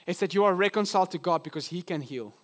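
A male pastor preaching a sermon in an earnest, teaching manner, often slowing down to stress a point. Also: high-pitched, a bit bright. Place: church.

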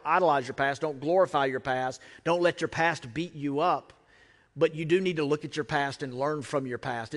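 A man's voice: on the high side, fairly bright tone. A man with an American accent preaching a sermon as a pastor, talking conversationally with emphatic repetition. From United States. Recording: long reverb of a large hall.

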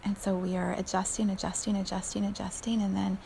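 A woman hosting a reflective spiritual podcast, speaking softly and often near a whisper, laughing now and then. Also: medium pitch, little pitch movement, slight background noise. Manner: slow, soft, often breathy and near-whispered, with frequent laughs. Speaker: podcast host.

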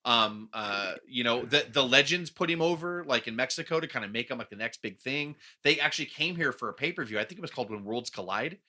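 A man's voice: medium pitch, expressive, fast talker, hardly any pauses, pushed and bright. A man co-hosting a casual podcast, ranting bluntly with plenty of swearing. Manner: ranting, profane, blunt opinions. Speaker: podcast co-host. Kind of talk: casual wrestling podcast chat.

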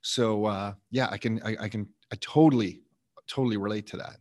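A man's voice: fairly low pitch, fairly even intonation, fairly quick, a little mellow. A man hosting a podcast, chatting casually, sharing his own experience with lots of fillers and repeats before asking questions. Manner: chatty and self-disclosing, many fillers and repeats. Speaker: podcast host. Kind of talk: casual interview chat.

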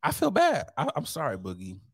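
A man's voice: a little high, huge pitch swings, brisk, gravelly, breathy edge, no echo, studio quality. A young adult man hosting a casual chat, playful, laughing easily and acting out quoted lines.

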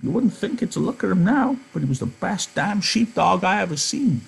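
Give me a man playing a timid old ranch worker with a high, shaky, stammering voice and a raspy edge. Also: very animated, brisk, heavily acted. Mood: pleading. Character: frail old male ranch swamper, timid and pleading. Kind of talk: reading a novel aloud in class.

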